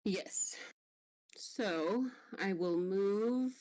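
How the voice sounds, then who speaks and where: A woman playing a tabletop game, talking slowly and carefully with hesitations. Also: mid-range voice, darkish tone. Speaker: player.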